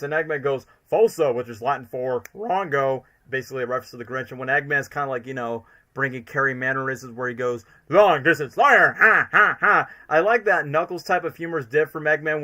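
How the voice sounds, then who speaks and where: A man hosting a livestream, talking in an excitable, rambling way as an eager fan. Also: medium pitch. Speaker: streamer host. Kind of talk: casual livestream commentary.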